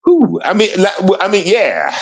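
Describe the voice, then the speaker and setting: A man's voice: high voice, huge pitch swings, moderate pace, rough recording. A man hosting a live stream show, taunting and mocking someone with a stream of rhetorical questions and repeated call-outs to his audience. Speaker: show host.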